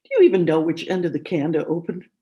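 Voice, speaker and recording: A patient adult daughter who speaks gently, coaxing with a soft sing-song, as a woman reads her lines aloud. Her voice sits in a middling register, calm and steady. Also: medium pitch, moderate pace, vocal fry, highs cut off. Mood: teasing. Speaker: story character read aloud. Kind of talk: reading fiction aloud at a conference.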